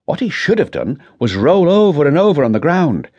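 Man voicing a polite careful young detective, higher and lively, audiobook. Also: normal speed, lo-fi sound. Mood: explaining.

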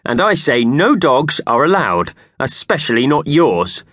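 A bossy storybook boss booms and growls his orders, as a man reads him. The voice swings widely, and the sound is close and dry. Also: very animated, unhurried, no room sound. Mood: stern. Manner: loud, booming, growling. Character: blustering bossy male office boss. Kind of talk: children's audiobook reading.

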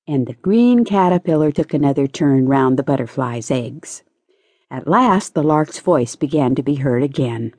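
A woman narrating a children's storybook audiobook with gentle, expressive storytelling. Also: very deep voice, moderate pace, breathy edge, no room sound.

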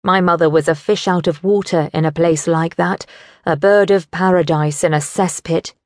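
A woman narrating a teen novel in first person, measured and wry. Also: on the low side, fairly even intonation, no echo, studio quality. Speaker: audiobook narrator. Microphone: studio microphone.

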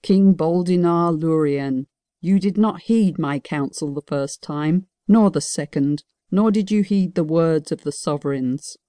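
A grave old wizard who lays out the law with solemn patience, as a woman narrator voices him. The tone is mellow and warm, recorded dry and close. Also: sits low, unhurried, no echo. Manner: solemn, explaining.

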